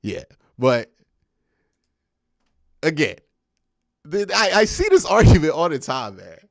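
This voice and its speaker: A man's voice: on the high side, sing-song, slow pace, no echo, studio quality. A man giving casual, slangy live-stream commentary, reading chat and ranting. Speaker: streamer reacting to news and chat.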